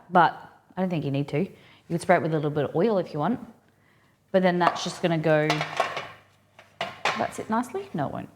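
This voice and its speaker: A woman's voice: lowish voice, noisy background. A woman hosting a casual live cooking stream, chatting and thinking aloud with rambling asides as she works in a kitchen.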